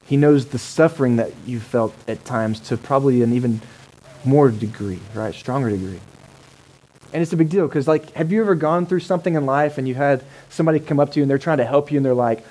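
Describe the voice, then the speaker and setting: A man's voice: mid-range voice, fast, darkish tone, poor audio. A male pastor, preaching a sermon in a conversational way and asking the congregation rhetorical questions. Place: church service held in a cinema.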